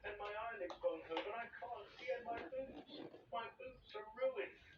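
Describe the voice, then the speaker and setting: A man voicing a fussy, boastful male centipede in a storybook reading, shrill and panicky. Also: moderate pace, close to an everyday voice. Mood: panicked. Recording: dull distant roomy recording with hiss.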